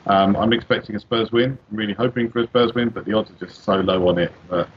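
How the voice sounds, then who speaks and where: A man, a betting tipster, relaxed and quick to laugh in a casual panel chat. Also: fairly low pitch, breathy edge, lo-fi sound.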